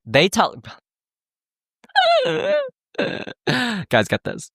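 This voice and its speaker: A podcast host spins a story in a loose, chatty way, jumping into quoted voices and cursing often. The voice sits at a middling pitch and is recorded close and dry, with no room sound. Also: moderate pace, dry recording. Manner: animated, acts out quotes, swears freely. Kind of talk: casual storytelling monologue.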